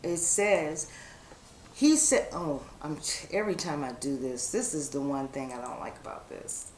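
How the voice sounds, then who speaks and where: A woman's voice: deep voice, a little slow, darkish tone. A woman vlogger, chatting straight to her viewers and reading a viewer letter aloud. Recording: echoey room with faint background noise.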